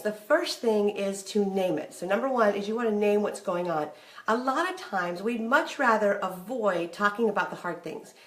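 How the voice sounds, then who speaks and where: A woman's voice: medium pitch, fairly bright tone, echoey room. A middle-aged woman giving candid, chatty marriage advice to camera and acting out bits of remembered conversations. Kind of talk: casual talk to camera.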